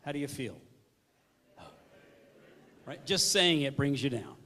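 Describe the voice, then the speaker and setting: Speaking slowly in a mid-range voice, a man leads an energetic, interactive training session about service, regularly putting questions to the listeners.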